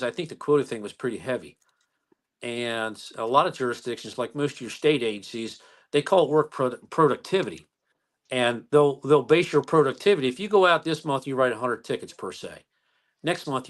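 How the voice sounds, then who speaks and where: A man in his sixties, a police chief from the United States, animatedly telling stories in an interview. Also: medium pitch. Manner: animated storyteller who acts out dialogue. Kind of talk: storytelling interview.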